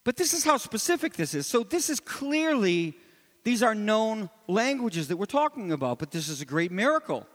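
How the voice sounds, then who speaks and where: A male preacher giving an expository sermon, teaching animatedly and swinging between loud emphasis and low asides. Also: sing-song, normal speed. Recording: long hall reverb.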